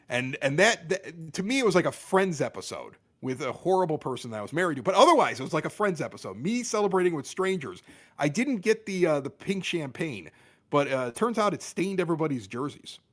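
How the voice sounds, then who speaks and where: Middle-aged male podcast guest, animated raconteur, acts out quotes, a touch high-pitched. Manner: animated, exaggerated quoting of others. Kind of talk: casual storytelling.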